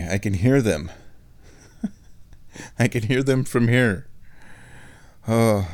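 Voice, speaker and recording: A man hosting a show on his own, thinking aloud in an excitable, self-mocking ramble. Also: on the low side. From United States. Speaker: podcast host. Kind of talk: rambling solo chat.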